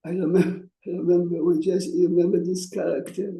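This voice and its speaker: High-voiced rabbi in an echoey classroom. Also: male voice, little pitch movement, a little fast, creaky, dark tone. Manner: conversational, rhetorical questions to listeners. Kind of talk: informal lecture with storytelling. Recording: echoey room.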